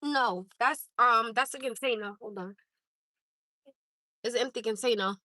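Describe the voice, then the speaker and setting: A woman from Newark, New Jersey, with a Newark accent, hosts a livestream from her parked car, speaking to viewers on a phone. Her voice is a little high, bright and forceful, unhurried, direct and candid as she talks straight to the chat in a casual way. The recording is dry and low quality.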